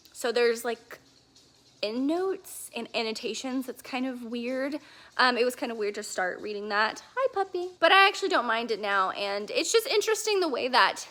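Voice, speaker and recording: A woman with a fairly high, bright voice talks casually for her reading vlog, rambling and gushing with plenty of fillers and restarts. She is filmed on a handheld camera from her couch at home. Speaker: book vlogger. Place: living room couch at home.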